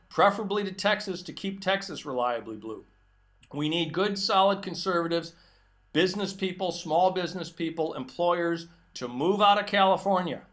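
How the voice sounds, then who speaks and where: A middle-aged man speaks with a high, forceful, bright voice. He rants emphatically through a solo commentary monologue, combative and insistent, hammering each point home. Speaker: political commentary host. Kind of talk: opinion monologue.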